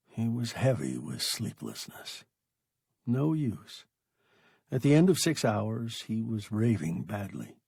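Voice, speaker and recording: Slow, gravelly male storyteller. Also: on the low side, no room sound, studio quality. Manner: dramatic, very expressive reading. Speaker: narrator. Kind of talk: audiobook narration.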